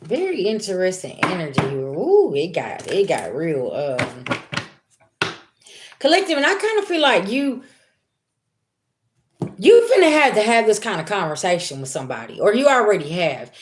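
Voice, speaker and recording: A woman's voice: on the low side, huge pitch swings, moderate pace, long pauses, noisy background. A woman giving a blunt, profane spiritual reading to her viewers in casual talk. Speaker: spiritual reader.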